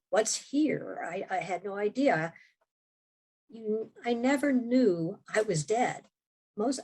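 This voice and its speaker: Gravelly-voiced woman telling a story. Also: mid-range voice. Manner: vivid storyteller, frequent restarts, quotes her own thoughts. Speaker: podcast guest, memoir author. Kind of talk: casual storytelling in an interview.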